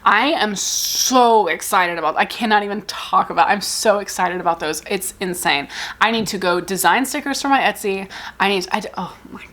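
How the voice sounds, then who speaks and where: A woman's voice: mid-range voice, normal speed, a bit bright. A young woman chatting casually in a book vlog, rambling and giggling as she gushes and cuts herself off. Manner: rambling, giggly and gushing, self-interrupting. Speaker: book vlogger. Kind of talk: casual chat.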